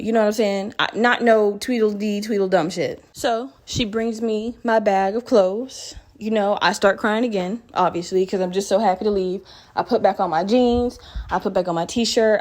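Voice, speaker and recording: Woman podcast host, casual and profane storyteller who addresses her listeners directly; mid-pitched voice. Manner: profane, animated, talks straight to listeners.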